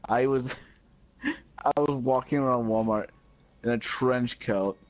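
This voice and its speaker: A man's voice: mid-range voice, takes it slowly, highs cut off. A man streaming a game, chatting casually and telling goofy, joking stories. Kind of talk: casual gaming stream chat.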